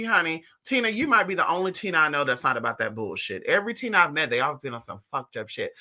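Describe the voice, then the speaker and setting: A spiritual teacher chatting casually with viewers on a live stream. They tell animated, profane stories and mock people with voiced impressions. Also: medium pitch, fast talker, few pauses.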